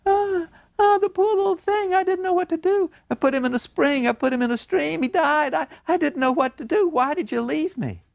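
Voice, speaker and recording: A man voicing a distraught, unhinged young woman who pleads in a high, broken voice. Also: a little fast, vocal fry. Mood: desperate pleading.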